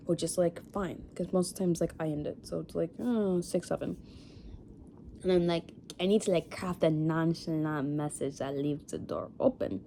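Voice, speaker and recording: A young woman in her twenties, a vlogger, tells a dating story in a casual vlog, her fairly low, warm voice moving at normal speed over slight background noise. She rambles with lots of fillers and sniffles after crying.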